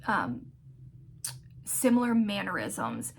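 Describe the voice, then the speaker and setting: A woman vlogger telling a personal story in a candid, heartfelt way, often pausing to search for words. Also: mid-range voice, sing-song, gravelly, slight background noise. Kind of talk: casual storytelling vlog.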